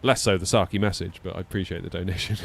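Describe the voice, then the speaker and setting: A man's voice: sits low, vocal fry. A man chatting casually on a live stream, rambling with many fillers and little laughs. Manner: rambling, hesitant, lots of fillers and self-deprecating laughs. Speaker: flight sim streamer.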